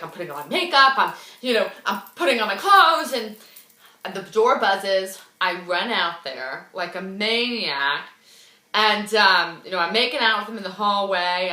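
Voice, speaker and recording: Chatty, animated young woman telling a story. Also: medium pitch. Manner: chatty and dramatic, full of "like" and "oh my God". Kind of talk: casual storytelling. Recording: roomy echo.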